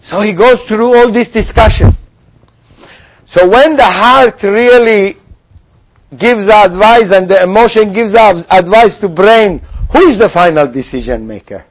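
Man, high voice, religious teacher asking questions in a spiritual lesson. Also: a little slow. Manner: questioning, acts out figures in quoted voices.

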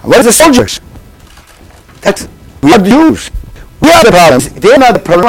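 Impassioned man preaching, lively pitch. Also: moderate pace, long pauses, husky, rough recording. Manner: emphatic, repetitive, swings between loud and hushed. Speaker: religious teacher. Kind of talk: impassioned sermon.

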